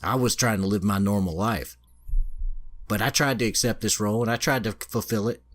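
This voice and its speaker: Man playing a wronged young hero: ranting, bitter, deep-voiced, in a casual podcast recap. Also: brisk, lightly acted. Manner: ranting, swearing.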